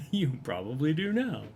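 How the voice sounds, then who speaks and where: A man acting as game master, narrating a tabletop game in a relaxed way, with fillers and easy laughter. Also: on the high side, noisy background.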